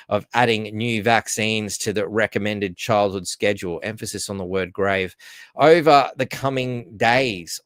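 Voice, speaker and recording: A man's voice: lowish voice, clean tone, dry recording. An Australian man hosting a solo news commentary, talking sarcastically with many asides and fillers. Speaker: host.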